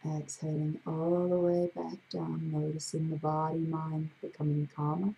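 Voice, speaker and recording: A woman hypnotherapist with a gravelly voice, leading a slow, soothing guided breathing exercise. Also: sits low, completely flat delivery, muffled recording. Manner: slow, soothing, drawn-out guidance.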